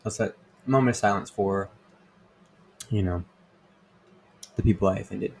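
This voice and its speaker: A man's voice: fairly low pitch, a little slow, vocal fry, a little hiss or hum. A young man hosting a casual podcast, rambling and swearing a lot, with many fillers. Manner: rambling, profane, full of fillers. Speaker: podcast host. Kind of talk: casual crude monologue.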